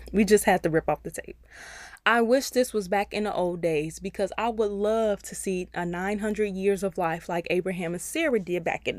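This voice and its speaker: A woman's voice: medium pitch, a little mellow, no echo, clean studio sound. A woman hosting a personal finance podcast, giving advice in a chatty, encouraging way and speaking straight to her listeners. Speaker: podcast host.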